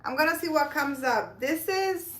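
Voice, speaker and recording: A woman with a high-pitched voice runs a casual live stream at normal speed, reading cards. She chats with viewers by name and laughs often.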